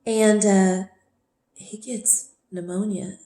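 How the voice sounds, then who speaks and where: A woman's voice: medium pitch, steady tone, slow, warm tone. A woman telling a painful personal story in a candid, venting way, swearing freely and talking it through with herself. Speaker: vlogger. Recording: echoey room sound.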